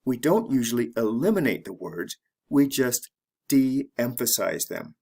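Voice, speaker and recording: A man narrating a scripted English lesson, reading example sentences slowly and deliberately for learners to repeat. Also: mid-range voice, very animated, gravelly, darkish tone, slightly rough. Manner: measured, deliberate, careful pronunciation drills. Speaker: English teacher.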